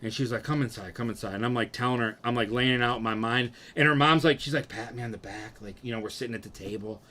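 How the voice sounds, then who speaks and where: Bright-voiced man telling a wild story. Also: mid-range voice, fast. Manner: animated, profane, acts out quotes. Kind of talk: casual storytelling chat.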